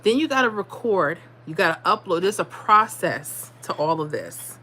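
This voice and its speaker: A livestream host speaks in a low-ish, pushed and bright voice with a breathy edge, big pitch swings and a moderate pace. Addressing viewers directly, she's blunt and motivational, often repeating herself and dropping into dialect.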